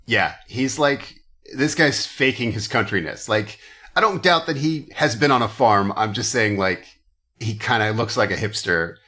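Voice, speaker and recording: A man's voice: on the low side, normal speed, sharp tone. A man co-hosting a comedy podcast, riffing sarcastically in casual chat. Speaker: podcast co-host.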